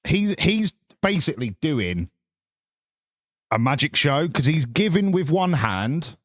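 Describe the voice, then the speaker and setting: A man's voice: on the high side, very animated, slow, no room sound, clean studio sound. A man, chatting casually with his viewers on a live stream in sarcastic, sweary, mock-lecturing rants.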